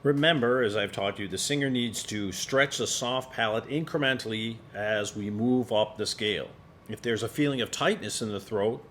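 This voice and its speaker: A man leading a singing warm-up lesson as a voice teacher, calm and encouraging. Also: lowish voice, a little hiss or hum. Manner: calm, encouraging instructor, demonstrates sung vowels. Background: piano accompaniment.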